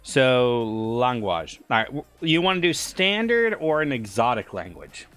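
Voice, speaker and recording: A man's voice: medium pitch, sing-song, a little slow, fairly bright tone, smooth, soft background music. A man running a tabletop game on a casual stream, laughing often, rambling and reading chat aloud.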